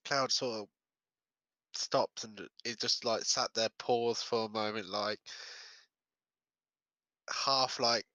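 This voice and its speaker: Bright-voiced man at a tabletop game. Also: lowish voice, steady tone, slow, long pauses, dry recording. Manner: hesitant, describing his character's actions. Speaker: player. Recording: dull lo-fi sound.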